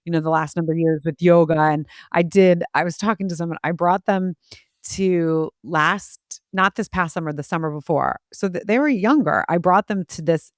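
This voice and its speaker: A woman's voice: lowish voice, moderate pace, no echo, clean studio sound. A woman in her forties hosting a podcast, telling stories in a chatty way and acting out quotes with a laugh. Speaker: podcast host. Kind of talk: casual conversation.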